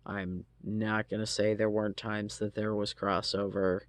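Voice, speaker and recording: A man's voice: on the low side, level tone, measured pace, no echo. A man telling a personal story casually, rambling with lots of fillers and frequent swearing. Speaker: storytelling vlogger.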